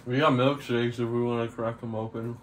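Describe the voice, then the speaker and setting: A man's voice: mid-range voice, level tone, a little fast, slight background noise. A young man from Toronto, co-hosting a casual mukbang, laid-back and joking, rambling with lots of fillers. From Toronto, Canada. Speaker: co-host. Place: indoors, sitting on the floor.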